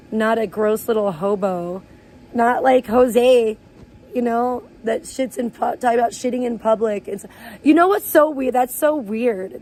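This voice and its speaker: A woman live streamer ranting in blunt, crude, gossipy chat and sometimes breaking into high playful chants. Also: a little mellow. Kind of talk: casual IRL livestream chat.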